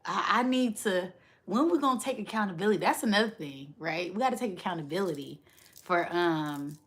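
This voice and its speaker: A woman's voice: on the low side, brisk. A woman hosting a spiritual livestream, talking casually and animatedly, laughing often and asking right after her points.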